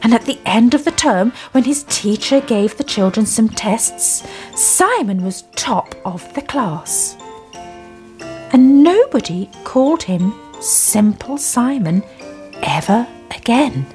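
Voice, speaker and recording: A woman reading a children's story aloud in a slow, expressive storytelling manner. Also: a little high, soft background music.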